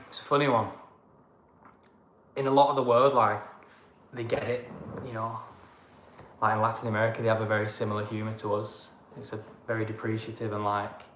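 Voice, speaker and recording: A man's voice: mid-range voice, a bit bright. Chatty Northern English man in an echoey room. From Northern England. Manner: chatty, rambling banter. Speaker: travel vlogger, co-host. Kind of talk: casual livestream chat. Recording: echoey room with faint ambient noise.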